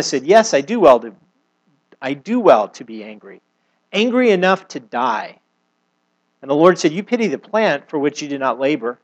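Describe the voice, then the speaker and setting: Middle-aged man, pastor, sermon; slightly raised pitch, expressive scripture reading and retelling. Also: lo-fi sound. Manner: reads scripture aloud and retells it with expressive emphasis.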